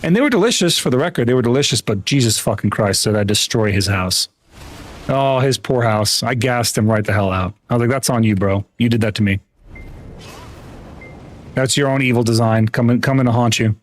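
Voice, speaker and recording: A man from the United States chatting casually on a gaming livestream, a rambling, profane storyteller who restarts his sentences and often jumps up in pitch. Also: a little fast, a little hiss or hum. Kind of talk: casual live-stream chat while gaming.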